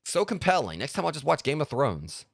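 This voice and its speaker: A man streaming a video game, giving sarcastic commentary and jumping high in pitch when exasperated. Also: very animated, brisk, creaky, no room sound, studio quality. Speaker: gaming streamer. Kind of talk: live gameplay commentary.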